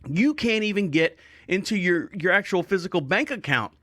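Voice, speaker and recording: A man's voice: high-pitched, animated, normal speed, a bit bright, no room sound, clean studio sound. A man hosting a podcast, telling a rambling, jokey story in a casual monologue. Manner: rambling, jokey, self-mocking. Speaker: podcast host.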